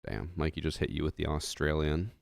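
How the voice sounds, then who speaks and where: A man streaming a tactical shooter, chatting casually and making relaxed joking callouts. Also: very deep voice, a little fast, gravelly, no room sound. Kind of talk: casual gaming chat and callouts. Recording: game sounds and clicks behind.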